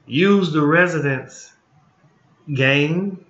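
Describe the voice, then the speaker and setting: A man's voice: a little high, drawn-out words, a bit bright. A man giving an informal training talk as a licensing consultant, blunt and folksy, repeating his points and checking in with "okay?". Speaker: group home licensing consultant. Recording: echoey, slightly muffled room.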